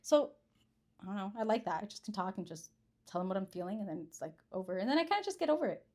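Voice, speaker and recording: A woman's voice: mid-range voice, lively intonation, fast talker, darkish tone. A woman in her twenties chatting casually as a podcast guest, rambling and self-deprecating, with lots of fillers. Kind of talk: casual chat.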